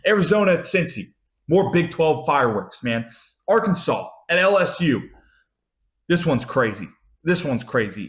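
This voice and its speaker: A young man hosting a casual sports betting show, talking picks with frequent swearing and heated rants. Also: mid-range voice. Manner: profane, ranting, animated. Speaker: sports betting podcast host.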